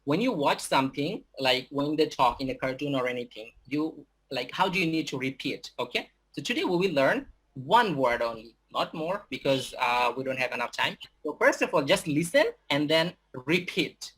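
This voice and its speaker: A young man with a Bangladeshi accent gives an English lesson to a group of students. His voice is husky and breathy, and his speech is halting, full of fillers and restarts. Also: a little high, lively intonation, fairly bright tone. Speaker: English teacher. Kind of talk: giving a talk to students.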